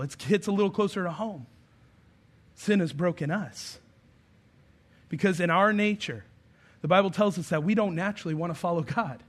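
High-voiced man preaching a conversational sermon. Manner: conversational, humorous storytelling with emphatic rises. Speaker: pastor.

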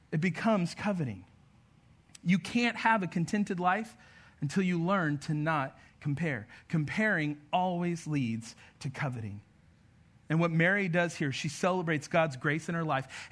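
A young man preaching a conversational sermon, energetic and joking in asides about his kids. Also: sits high. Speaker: pastor.

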